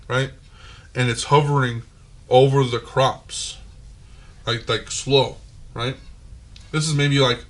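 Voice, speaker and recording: A podcast host with a drawl, talking in an ordinary middle-pitched voice. He rambles through a story, peppering it with curses and fillers, and keeps checking in with his listeners. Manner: profane, animated storytelling with many fillers. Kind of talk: casual storytelling.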